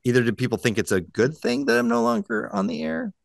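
Animated, laughing male podcast host. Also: high-pitched, quick pace, creaky, no room sound, studio quality. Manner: animated storyteller, laughs often. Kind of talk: casual chat, reading news items.

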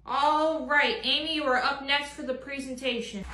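A woman voicing a strict female history teacher who demands quiet and attention, in a comedy skit. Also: high voice, steady tone, moderate pace, roomy sound, recorded from a distance, soft background music. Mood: stern. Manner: stern, orderly.

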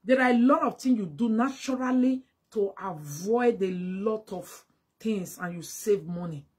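A woman with a Nigerian accent delivering a mocking, scolding monologue to camera, slipping into Pidgin and breaking into loud exclamations. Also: medium pitch, unhurried, breathy edge. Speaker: vlogger. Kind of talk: casual direct-to-camera monologue.

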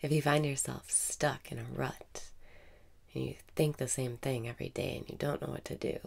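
A woman with a very deep voice leads a guided meditation, calm and unhurried. Her tone is heavy with vocal fry, and her delivery often sinks into a breathy half-whisper between the spoken prompts.

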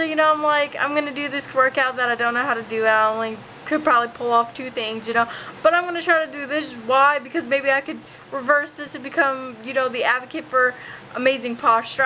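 A woman's voice: sits high, bright, forceful tone, a little hiss or hum, low-quality recording. A woman vlogging casually at home, rambling and poking fun at herself. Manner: rambling, self-mocking, quick. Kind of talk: casual vlog chat to camera. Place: home, indoors.

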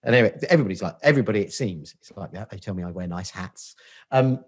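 A middle-aged Portsmouth man, an agency founder guesting on a podcast, chats casually in a low, expressive voice with a breathy edge. He talks fast, swears, and jokes at his own expense in his Portsmouth English accent.

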